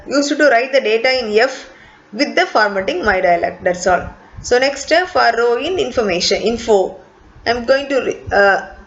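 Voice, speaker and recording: Woman teacher, fairly high voice, dull lo-fi lecture recording. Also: vocal fry. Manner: explains step by step, repeats key points, many fillers. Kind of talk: recorded online class lecture.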